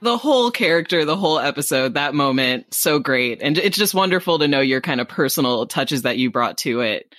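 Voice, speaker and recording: An enthusiastic interviewer who gushes over a guest's past roles in a casual chat. The voice is recorded close and dry, with no room around it, and sits at a middle pitch. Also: animated, fairly quick, hardly any pauses, a bit bright, dry recording. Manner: enthusiastic, gushing fan.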